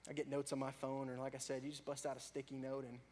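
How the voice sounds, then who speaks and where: A man preaching a sermon, rising to loud, fervent prayer and dropping back to a soft, conversational tone. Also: monotone, quick pace, slight background noise. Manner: builds to loud, high-pitched fervor in prayers; drops to soft, low conversational tone between peaks. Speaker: pastor.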